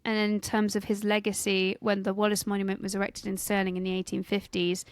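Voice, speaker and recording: A woman's voice: medium pitch, monotone, a little fast, clear, resonant tone, no room sound. Chatty young Englishwoman co-hosting. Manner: chatty, narrating facts with jokes. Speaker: podcast co-host. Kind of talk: casual history podcast chat.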